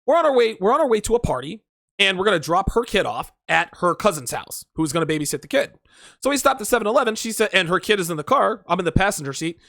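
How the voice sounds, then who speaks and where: Man, dating advice host, crude and profane, rambling, emphatic repeats, high lively voice, dry close sound. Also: quick pace, gravelly, no echo. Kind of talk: solo livestream monologue.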